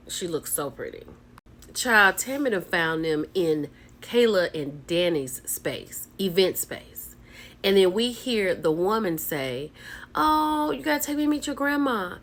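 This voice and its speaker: A woman's voice: lowish voice, a little hiss or hum. Gossipy woman recapping a show. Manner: animated and gossipy, keeps saying "child" and "baby". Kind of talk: casual reality-show recap commentary.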